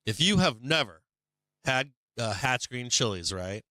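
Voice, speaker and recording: A man's voice: medium pitch, sing-song, unhurried, sharp tone, dry recording. A man hosting a livestream, chatting casually in a rambling, profane way and answering his chat. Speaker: livestream host.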